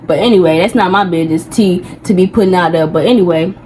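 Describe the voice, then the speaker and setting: A woman's voice: lowish voice, fast, mellow, a little hiss or hum, rough recording. A young woman telling a personal story in a heated, venting way, full of slang and rambling asides. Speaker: vlogger. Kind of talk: casual storytime rant.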